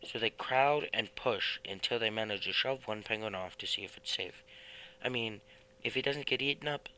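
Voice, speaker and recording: A man voicing an eager, dreamy middle-aged house painter in a read-aloud storybook, lively and animated. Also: fairly low pitch, poor audio.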